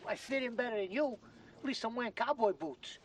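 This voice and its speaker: A man's voice: very high-pitched, lively intonation, fairly quick, a little hiss or hum. An actor playing a teasing man who brags about his cowboy boots, in a clip played on a podcast.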